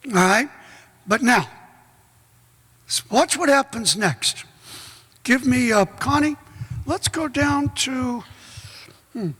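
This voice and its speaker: A middle-aged man preaching a sermon as pastor, folksy and joking, bursting into shouts. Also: very high-pitched, breathy edge. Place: large church hall. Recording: echoey church hall.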